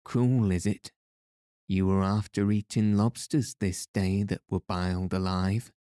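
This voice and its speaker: A man's voice: deep voice, steady tone, a little slow, dark tone, no echo, studio quality. A man voicing a jovial, teasing old Irish peddler with a folksy brogue while reading a storybook aloud.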